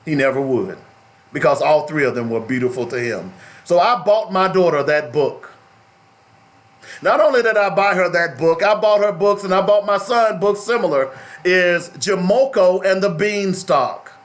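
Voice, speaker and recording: A man's voice: high-pitched, normal speed. Emphatic middle-aged male radio host. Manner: emphatic, preachy, repeats phrases for stress. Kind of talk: talk radio monologue.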